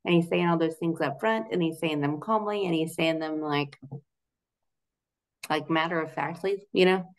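A woman's voice: sits low, normal speed. A young adult woman in a casual interview, talking in a chatty, loose way with many "like" fillers and frequent laughs. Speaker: guest, Christian relationship coach.

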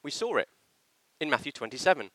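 A male preacher giving a sermon, his pitch rising and falling with lively movement. His tone is bright and a touch sharp, and the sound is close and dry with hardly any room echo. He stresses his points hard and acts out short quoted lines. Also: fairly quick. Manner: animated, emphatic delivery with acted quotations. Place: church.

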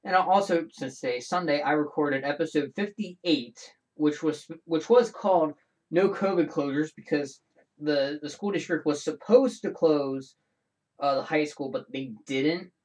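A man with a slightly raised speaking voice hosts his own show, talking casually and alone. He rambles from point to point, animated, backtracking and restarting his sentences as he goes. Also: fairly high pitch, a little slow. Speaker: show host. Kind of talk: casual solo podcast chat.

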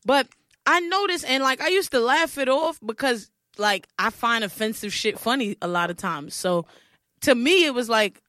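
A woman's voice: on the high side, animated, normal speed, pushed and bright, no room sound, studio quality. A frank, nosy woman chatting on a podcast who swears and laughs easily. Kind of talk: casual podcast chat.

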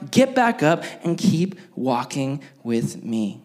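A young adult man preaching a sermon as pastor, animated and acting out the voices he quotes. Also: fairly high pitch, takes it slowly.

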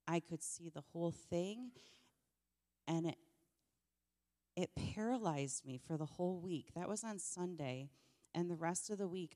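Low gravelly woman sharing testimony. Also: in a large hall. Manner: emotional, earnest storytelling, often softening. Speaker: church member sharing testimony. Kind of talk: personal testimony on stage.

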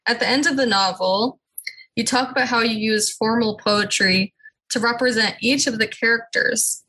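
A woman's voice: a little high, normal speed, bright, forceful tone, slightly rough, low-quality recording. A woman interviewer asking earnest, admiring questions.

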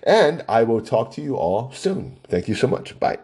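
A man's voice: medium pitch, big pitch swings, normal speed, a little mellow. A man hosting his own podcast, talking in a rambling, argumentative way full of rhetorical questions. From Hawaii. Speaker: podcast host. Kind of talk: casual solo podcast monologue.

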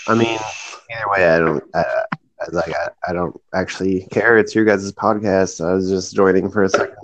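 Drunk rambling low-voiced man. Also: fairly even intonation, normal speed. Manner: loud, rambling, swearing. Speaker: podcast guest. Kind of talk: casual chat.

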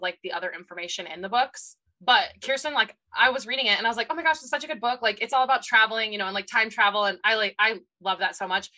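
A woman's voice: mid-range voice, pushed and bright, rough recording. A young woman co-hosting a podcast, telling stories animatedly with frequent laughter. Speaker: podcast co-host. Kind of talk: casual chat.

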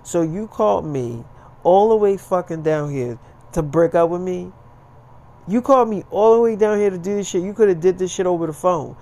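A man's voice: sits high, moderate pace, warm tone, pitched above the performer's own voice. A man voicing an angry young man who curses and talks indignantly, in a casually told story. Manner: indignant, profane.

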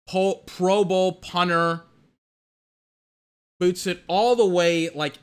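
A man giving live fan commentary on a game, excitable and exasperated, swearing and saying "like" often as he rants at the officials. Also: a little high, clear, resonant tone. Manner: excitable, exasperated, profane rant with filler "like".

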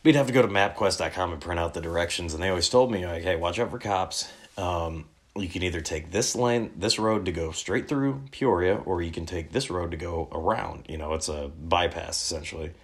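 A man's voice: low voice, fairly quick, hardly any pauses. A man in his thirties telling casual, rambling stories, laid-back and full of swearing. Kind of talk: casual storytelling.

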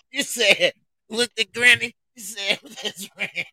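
A man's voice: extremely high pitch, fairly even intonation, normal speed, bright, forceful tone, dry recording, low-quality recording. A man on a podcast telling crude family stories in casual chat, laughing often between lines. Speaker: podcast co-host.

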